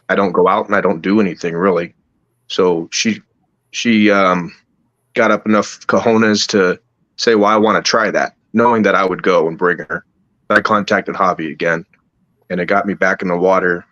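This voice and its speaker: Very deep-voiced man, slow and halting. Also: fairly even intonation, a bit bright, no echo, highs cut off. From United States. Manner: slow, halting, with many restarts. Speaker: podcast guest. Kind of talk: casual storytelling.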